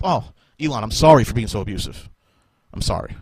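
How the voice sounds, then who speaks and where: A man's voice: lowish voice, lively intonation, a little fast, darkish tone, breathy edge, no echo. A man hosting a live podcast, ranting angrily and sarcastically with a lot of swearing and bursts of laughter. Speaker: podcast host. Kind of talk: profane rant on a live podcast.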